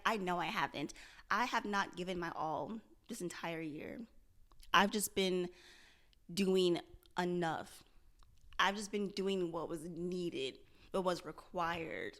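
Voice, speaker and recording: A young woman with a fairly low, slightly bright voice speaks at an unhurried pace in a candid confessional vlog about her struggles. She sounds earnest and self-searching, often repeating herself and restarting her phrases.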